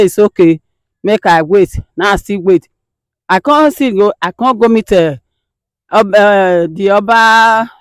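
A woman's voice: mid-range voice, dry recording. A woman with a Nigerian accent, a mother wearily recounting her struggle and pleading for help. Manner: weary, pleading, recounting at length. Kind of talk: personal appeal.

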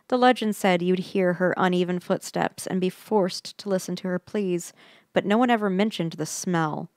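Low-voiced woman reading a ghost story. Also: steady tone, moderate pace, dry recording, studio quality. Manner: suspenseful, dropping into tense whispers. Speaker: podcast host reading a story. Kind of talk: dramatic first-person story reading.

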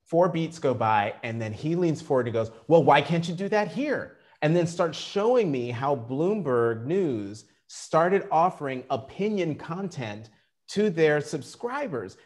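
A middle-aged man telling career stories in an interview, animated and acting out the quotes. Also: a little high, unhurried. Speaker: journalist guest. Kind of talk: storytelling interview.

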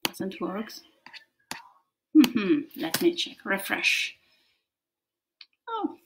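Lively woman teaching kids. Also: mid-range voice, extremely slow, noisy background. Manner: acts out emotions with gasps and whispers, lively. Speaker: English teacher for children. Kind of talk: children's English lesson.

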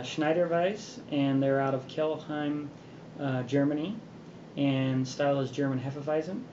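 A man hosting a beer review show in casual chat, relaxed and rambling with many fillers. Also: mid-range voice. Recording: roomy, dull sound with background noise.

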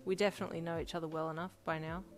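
A woman's voice: low-pitched, flat delivery, rapid-fire, faint music behind, close to an everyday voice. A woman voicing a blunt teenage boy who talks curtly and commandingly, in a storybook reading. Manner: curt and commanding.

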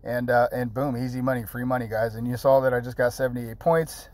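A man's voice: medium pitch, fairly even intonation, brisk, a little mellow, no room sound. A man in his thirties hosting a casual app tutorial, rambling and chatty with fillers and repeated words, blunt and jokey with mild swearing. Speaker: channel host.

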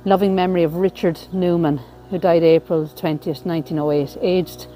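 Strolling through a graveyard, a female vlogger narrates a leisurely tour and reads out the headstone inscriptions she passes. She speaks with a fairly low, steady, mellow voice over soft background music.

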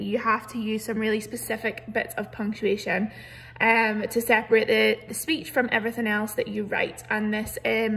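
A woman teacher leads a recorded online lesson from her computer. Her voice sits a little high, and she explains each step patiently and clearly, filling the pauses with "so" and "um". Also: fairly bright tone. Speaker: primary school teacher.

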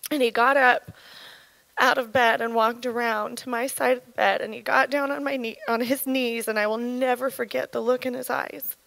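A woman in her thirties giving an earnest, halting personal testimony at church, her voice shaken with emotion. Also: on the high side, steady tone, creaky, a bit bright, dry recording, low-quality recording. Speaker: church speaker sharing testimony.

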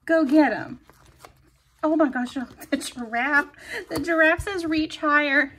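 A woman chatting casually and giggling as she decorates a planner, her voice sometimes dropping to soft murmurs. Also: high-pitched, measured pace, background noise. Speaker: planner vlogger. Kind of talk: casual plan-with-me narration.

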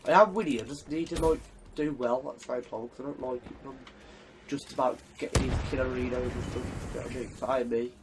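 A young man casually commentating his own shooter game, excitable and swearing, trash-talking as he plays. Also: mid-range voice, fast, noisy background. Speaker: gaming commentator.

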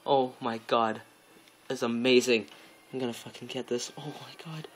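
A man's voice: medium pitch, steady tone, moderate pace, breathy edge. A young man commentating his own gameplay live, overexcited, gasping, swearing and repeating himself, talking to viewers and friends on a call. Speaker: game streamer.

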